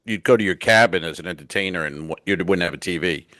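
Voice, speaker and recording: A man's voice: low-pitched, fast talker, sharp tone, no room sound. A middle-aged man, a stand-up comedian co-hosting a podcast, telling rambling, profane stories and acting out the people in them. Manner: rambling, profane storyteller who acts out quotes. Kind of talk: casual comedic chat. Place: cruise ship cabin.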